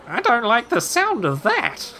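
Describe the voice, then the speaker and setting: A man's voice: extremely high pitch, wildly swooping pitch, a little slow, pushed and bright, a faint crowd, pitched above the performer's own voice, full character voice. A man voicing a suspicious, grumpy elderly woman who speaks curtly. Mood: disapproving. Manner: curt, disapproving.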